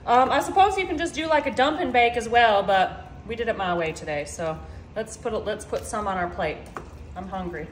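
A woman's voice: fairly high pitch, animated, brisk, roomy sound, a little hiss or hum. A woman hosting a casual cooking video in her home kitchen, chatting to viewers and saying y'all a lot. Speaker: cooking channel host. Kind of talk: casual cooking vlog chat.

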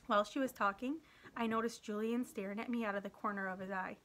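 A woman teacher reading a children's novel aloud in a steady, gentle narrating voice. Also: medium pitch, fast. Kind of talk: read-aloud storytelling.

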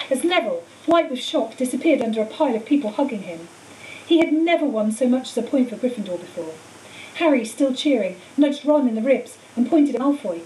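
A woman's voice: fairly high pitch, dark tone. Woman teacher reading a storybook. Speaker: teacher reading a book aloud. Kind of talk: storybook read-aloud. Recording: echoey room, far mic, faint hiss.

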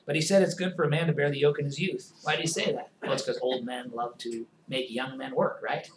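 A man preaching a sermon as pastor, swinging between forceful emphasis and hushed, quiet passages. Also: mid-range voice, fairly even intonation, fairly quick, echoey room, slight background noise, poor audio.

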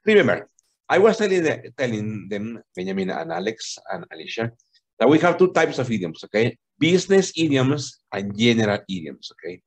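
A husky-voiced man teaches English on a video call, his pitch lively as he gives an online language lesson. Patient and repetitive, he explains slowly, keeps asking "okay?" and switches into Spanish.

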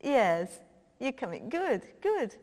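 Comic sketch: woman as a cheeky, foul-mouthed minister on the phone, high and bouncy, heavy reverb. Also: very animated, slow pace, darkish tone, exaggerated voice. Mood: breezy. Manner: blunt and swearing, breezy phone chatter. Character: brash, cheeky middle-aged female cabinet minister. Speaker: comedian. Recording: long hall reverb.

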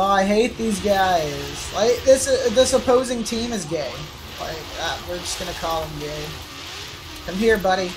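A woman's voice: mid-range voice, background noise. Foul-mouthed woman streaming a racing game. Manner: profane, excitable, trash-talking. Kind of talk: live gameplay commentary. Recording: game music underneath.

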